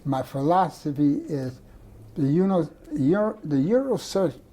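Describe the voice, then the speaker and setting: The voice is fairly high, expressive and mellow, at a measured pace. It belongs to an older artist giving an oral-history interview indoors among his artworks, a digressive storyteller who keeps starting over.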